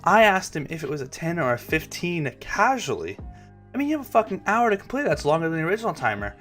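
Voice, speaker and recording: This young gaming-channel host talks fast in a fairly high, very animated, somewhat bright voice over soft background music. He rambles through casual chat, curses frequently, and restarts lines after stumbling.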